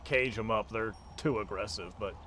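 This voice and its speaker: A man running a homebrew tabletop game as game master, narrating in a relaxed, chatty way with frequent fillers. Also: on the low side, moderate pace, slight background noise. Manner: relaxed, chatty, laughs often, hesitant fillers.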